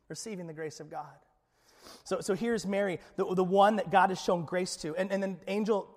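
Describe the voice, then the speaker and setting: A man preaching a sermon in an animated, conversational way, acting out voices from the Bible story and often repeating his words. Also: high-pitched. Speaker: pastor. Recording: long church hall reverb.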